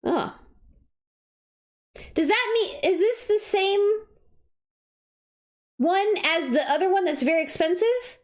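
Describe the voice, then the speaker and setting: A young woman chatting on a livestream in an unhurried way. Her voice sits high and swings widely as she gushes with excited exclamations. She drops casual swear words freely. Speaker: streamer reviewing card sets.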